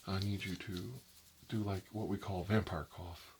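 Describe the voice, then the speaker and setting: A man's voice: deep voice, steady tone, moderate pace, noisy background. A man playing a nervous rambling doctor, ASMR role-play. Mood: uneasy. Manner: rambling, full of fillers like "you know". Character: nervous rambling male doctor examining a vampire. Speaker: doctor examining a patient.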